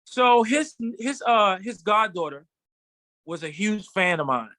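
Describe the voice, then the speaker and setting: High, bright-voiced man telling a story. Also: a little slow, dry recording. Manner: animated storyteller, acts out quotes. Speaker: fashion designer guest. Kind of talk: casual storytelling interview. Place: studio.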